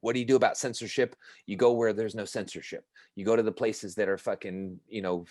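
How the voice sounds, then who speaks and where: A man's voice: lowish voice, steady tone, a little fast, darkish tone, dry recording. Profane, ranting man on a podcast. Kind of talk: casual podcast chat.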